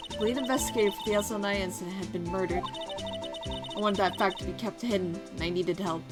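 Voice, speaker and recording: A guarded, stern female prosecutor, read aloud by a woman at an even middle pitch. The delivery is measured and stumbles now and then over a word. Game music plays clearly underneath. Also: close to an everyday voice. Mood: grave. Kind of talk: reading game dialogue aloud.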